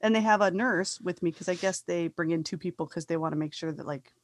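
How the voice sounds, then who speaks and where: A woman's voice: lowish voice, fast talker, no echo. A woman with a Canadian accent, hosting a podcast and telling stories in casual chat, acting out the people she quotes. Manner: lively storytelling, acts out quotes. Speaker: podcast host.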